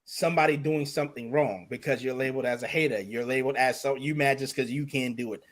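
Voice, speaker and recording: A man's voice: mid-range voice, fairly even intonation, fast talker. A man co-hosting a podcast, talking earnestly through social commentary. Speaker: podcast co-host. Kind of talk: casual chat.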